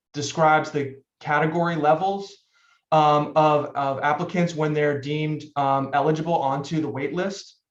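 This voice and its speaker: A man arguing for the appellant in court, hesitant and filler-heavy, often restarting his sentences. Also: fairly high pitch. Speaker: attorney for the appellant. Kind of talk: courtroom oral argument. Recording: echoey, muffled courtroom audio.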